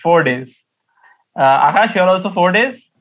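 A man's voice: sits high, lively intonation, unhurried. A man co-hosting a casual cricket chat, teasing and switching between Hindi and English. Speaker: podcast co-host. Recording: slightly dull lo-fi mic.

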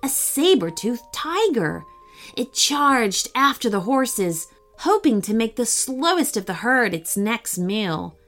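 A woman gently and expressively reading a children's bedtime story. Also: on the high side, big pitch swings, takes it slowly, faint music behind.

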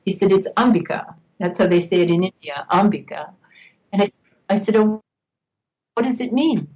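A woman's voice: mid-range voice, expressive, brisk, dark tone, poor audio. An older woman, a guest on an interview show, reminiscing at length with an occasional laugh. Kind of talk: interview storytelling.

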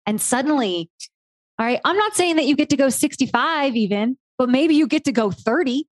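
A woman hosting a podcast interview, telling a playful, animated story with mild swearing. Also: sits high, normal speed, no echo, studio quality. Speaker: podcast host. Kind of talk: casual interview chat.

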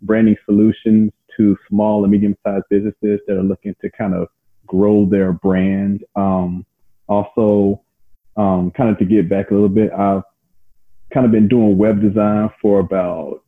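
A man's voice: lowish voice, lo-fi sound. A man speaking as a guest on a podcast, friendly and easygoing, laughing often and using fillers. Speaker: guest, web developer. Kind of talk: casual interview chat.

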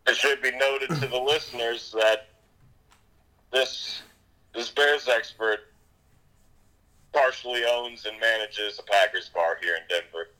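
A man's voice: medium pitch, unhurried, long pauses, pushed and bright, low-quality recording. A man co-hosting a podcast in casual chat, with a wry, dry sense of humor. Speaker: podcast co-host.

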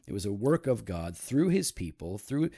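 A man hosting a casual talk show, explaining calmly with many fillers and teasing his co-host. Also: on the low side, normal speed, creaky. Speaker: podcast host. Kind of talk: casual teaching talk about church history.

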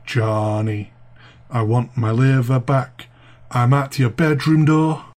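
A man voicing a vengeful corpse that calls out in a slow, sing-song chant. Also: mid-range voice, fairly even intonation, darkish tone, natural voice. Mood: eerie chant. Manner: slow, drawn-out calling.

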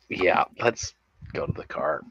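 Deep husky man with swooping delivery. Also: fairly bright tone, dry recording, lo-fi sound. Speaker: player. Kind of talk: in-character tabletop role-play.

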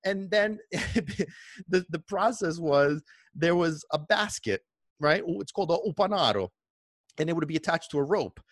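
Middle-aged male storyteller, rambling and lively, slightly high voice. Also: moderate pace, no echo, studio quality. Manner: rambling, many restarts and fillers, animated. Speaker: vlogger. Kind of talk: casual nostalgic storytelling.

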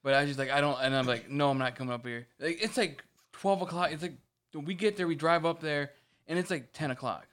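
A man's voice: fairly high pitch, fairly quick, clear, resonant tone. A man telling a story in casual chat, swearing often and acting out what others said. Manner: animated storytelling, swears often, acts out quotes. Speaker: podcast co-host.

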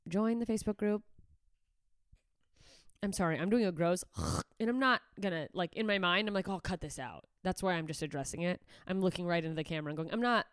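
A woman's voice: lowish voice, a little fast, pauses often, smooth, no echo, clean studio sound. A young woman hosting a solo podcast, ranting profanely and sarcastically, slipping into mocking voices, a little congested. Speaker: podcast host.

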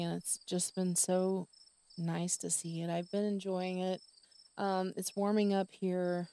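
Solo podcast host, woman in her forties, low and flat, chatty and rambling. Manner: rambling and chatty, with fillers and soft laughs. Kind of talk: casual solo podcast chat.

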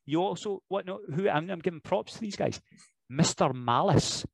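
His voice sits high with vocal fry, at normal speed, captured in a low-quality recording without echo. A wrestler with a Scottish accent, he's a podcast guest in casual interview chat, energetically telling jokey stories and breaking into impressions and laughter.

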